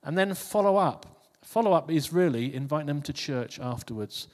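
Speaking at a moderate pace, a male preacher with a slightly high voice sounds expressive as he gives a casual sermon. He repeats and restarts phrases in a conversational manner. The clip carries long hall reverb.

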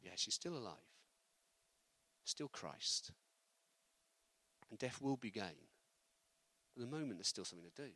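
A man preaching a sermon, lively and building to loud, emphatic delivery. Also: on the low side, a little slow, long pauses, no room sound.

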